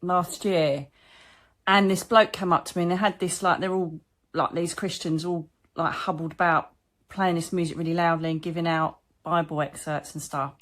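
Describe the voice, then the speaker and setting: A British woman, a psychic medium, telling stories to her viewers in a chatty, animated, colloquial way. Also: fairly low pitch, normal speed. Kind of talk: casual storytelling to viewers.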